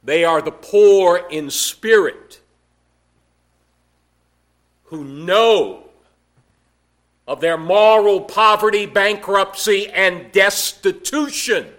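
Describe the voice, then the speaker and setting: Slow-preaching man with a high voice. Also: a bit bright. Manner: slow, measured preaching with emphatic rises. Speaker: pastor. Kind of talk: sermon.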